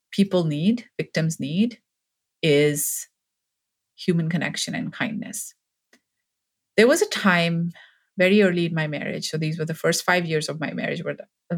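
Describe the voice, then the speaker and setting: Low-voiced earnest woman telling her story. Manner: earnest, grows more emphatic and impassioned. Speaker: podcast guest. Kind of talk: personal storytelling in an interview.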